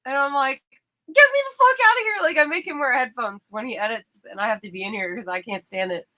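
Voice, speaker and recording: Playful woman co-host, higher bright voice, quick to laugh. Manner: laughing, mimics screams loudly. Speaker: co-host, film partner. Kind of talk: casual livestream chat.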